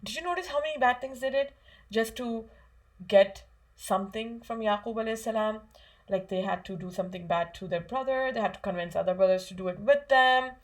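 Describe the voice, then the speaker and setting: A woman's voice: on the high side, a little fast. A woman giving a children's religious lesson in a chatty way, asking her young listeners lots of questions with frequent fillers. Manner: asks kids questions, conversational, many fillers. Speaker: Islamic studies teacher for children.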